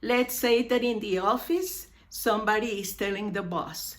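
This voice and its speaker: A woman teaching an English lesson, repeating example phrases slowly for emphasis. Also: mid-range voice.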